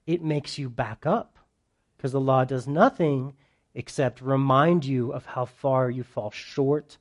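A man preaching a verse-by-verse sermon to a live congregation, animated and joking with them, swinging between loud bursts and soft asides. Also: mid-range voice, slow pace. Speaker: pastor. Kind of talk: sermon, verse-by-verse Bible teaching.

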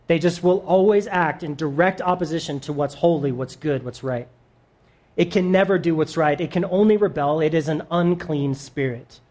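A man's voice: on the high side, a little mellow. Man preaching in a conversational way. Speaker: pastor. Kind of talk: sermon.

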